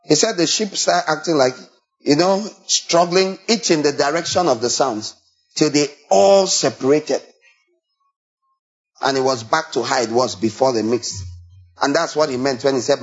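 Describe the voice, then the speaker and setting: Preacher guy, lively, asks the crowd lots of questions, muffled lo-fi recording. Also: mid-range voice. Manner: animated, rhetorical questions, acts out bleating and shepherd calls. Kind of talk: sermon. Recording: dull lo-fi recording.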